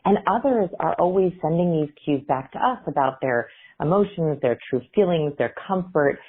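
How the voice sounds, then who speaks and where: A woman's voice: sits low, animated, moderate pace, husky. A woman guest researcher explaining communication cues in an interview, demonstrating intonation as she talks. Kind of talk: interview clips. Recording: phone-like line.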